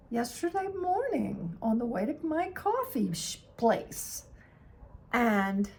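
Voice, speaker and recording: A woman's voice: medium pitch, darkish tone, husky. A woman in her sixties tells a story in a casual vlog, chatty and self-mocking, laughing at her own misadventure. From United States. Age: 60s. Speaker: vlogger.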